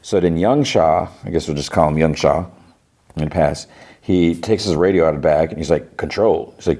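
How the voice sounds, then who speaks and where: Recapping an episode in casual fashion, this podcast host has a rumbling low, warm voice at a moderate pace. He voices the characters loosely, leaning on "he's like" and frequent restarts.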